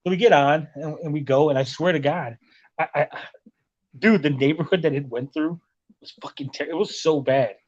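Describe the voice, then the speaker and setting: A man's voice: a little high, moderate pace, a little mellow. A man telling a long travel story in casual chat, swearing often and filling his talk with "like" and "right?". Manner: rambling, profane storytelling with lots of "like" and "right?". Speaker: podcast host. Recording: lo-fi muffled audio.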